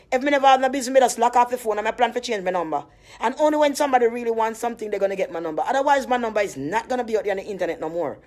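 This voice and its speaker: A woman with a Jamaican accent ranting to her viewers, indignant and rambling, swearing freely as she sells skin cream. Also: fairly high pitch. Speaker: vlogger selling skin cream. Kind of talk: casual rant to camera.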